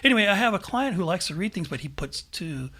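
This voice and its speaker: Animated, husky-toned male podcast host. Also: high-pitched, quick pace. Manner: animated, laughs often. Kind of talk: casual chat.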